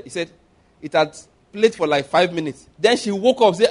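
A man's voice: on the high side, moderate pace. A man preaching a sermon, telling stories with animation and acting out the scenes.

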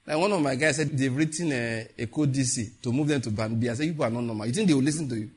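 A Nigerian man preaching a sermon, mixing Pidgin asides with animated warnings and slow, solemn prayer lines. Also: mid-range voice, breathy edge. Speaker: pastor.

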